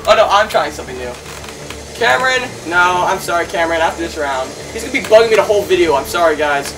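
A man giving excited gameplay commentary, yelling and laughing at the game as host. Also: high-pitched, fast. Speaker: gaming channel host. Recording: distant mic with clear background noise.

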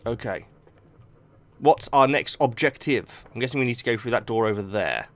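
A young man hosting a let's play, excitably talking to himself and the game. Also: mid-range voice, moderate pace. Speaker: gaming video host.

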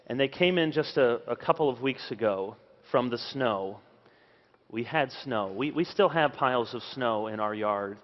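A man in his thirties preaching at a conference, telling a family story with animated delivery and acting out his children's words. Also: medium pitch, moderate pace, long reverb tail, muffled recording. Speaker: pastor. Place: large conference hall.

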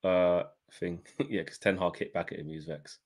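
A man's voice: low-pitched, fairly even intonation, moderate pace. A man co-hosting a casual football chat, sarcastic, reading quotes aloud and swearing. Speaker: podcast co-host.

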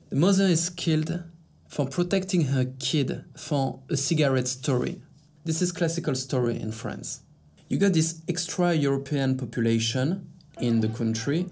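A man's voice: mid-range voice, gravelly, a little mellow. A man hosting a sarcastic news commentary vlog, with mocking asides, over faint background music.

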